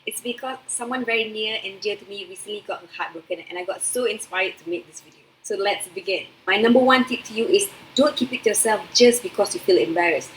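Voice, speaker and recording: A young woman talks straight to her viewers in a casual vlog, chatty and earnest as she hands out encouraging tips. Her voice sits at an ordinary middle pitch. A faint noise hums under the recording. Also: fast, few pauses, rough recording. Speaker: vlogger. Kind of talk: casual advice vlog to camera.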